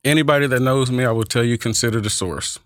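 A man with a Texas country accent, a public speaking teacher, chatting as a guest in a measured, deliberate way. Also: medium pitch, fairly bright tone, dry recording, studio quality. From Oakland, California, and Texas. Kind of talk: casual interview chat.

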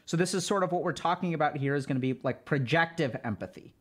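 A man's voice: fairly high pitch, fast, a bit bright. A man giving a casual spoken lecture to his live chat, loose and conversational with lots of filler words. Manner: loose and conversational, heavy use of "like". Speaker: streamer teaching social skills.

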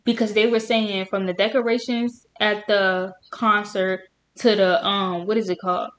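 A woman's voice: mid-range voice, moderate pace. Opinionated young woman chatting casually. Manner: opinionated, animated storytelling. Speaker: podcast co-host. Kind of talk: casual chat.

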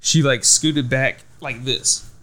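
A man's voice: mid-range voice, slow, pushed and bright. A young man chats casually on a podcast, spinning a long anecdote. He rambles, leans on "like" constantly, and swears freely. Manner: rambling storytelling with frequent "like" and swearing. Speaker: podcast host. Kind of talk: casual chat.

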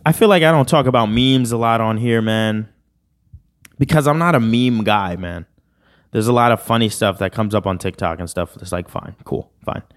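A man's voice: on the low side, normal speed. A man hosting a podcast in a casual, rambling, slangy chat. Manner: rambling, laid-back, slangy. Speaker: podcast host.

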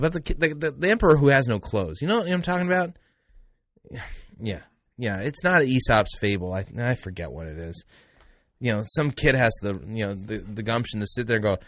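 A man's voice: mid-range voice, fairly bright tone, no room sound, studio quality. A man hosting a commentary show, talking to listeners in a sarcastic, mocking way with lots of asides. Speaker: podcast host. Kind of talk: critical commentary.

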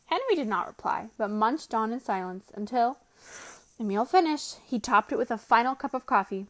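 A woman reading a novel aloud to a student with careful, deliberate delivery. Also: a little high, lively intonation, a bit bright.

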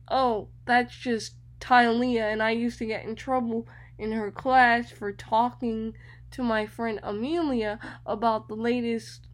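Young woman host telling animated stories. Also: on the high side. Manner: animated storytelling, acts out others' voices, repeats words. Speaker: radio show host. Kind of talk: personal storytelling on a radio show.

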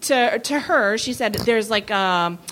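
A woman in her thirties telling a comic anecdote at a live venue, animated and often laughing. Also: mid-range voice, takes it slowly. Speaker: comedy writer guest. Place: live venue before an audience.

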